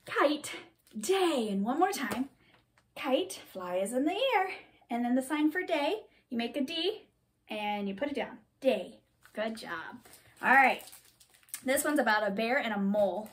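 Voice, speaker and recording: A woman hosting a children's story time, reading a picture book aloud in a sing-song, animated way with exaggerated sound effects. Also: fairly high pitch, a little slow.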